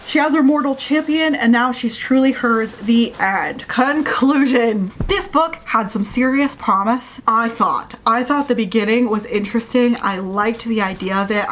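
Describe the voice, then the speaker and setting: A woman's voice: a little high, fairly bright tone, slight background noise. A woman hosting her channel, giving a casual, sarcastic rant review of a novel and sounding exasperated at the plot. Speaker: book reviewer.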